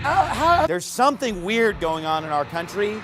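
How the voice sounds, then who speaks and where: Angry yelling preacher man. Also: sits high, big pitch swings, normal speed. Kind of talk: fiery sermon. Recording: sermon clip played over music. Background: music.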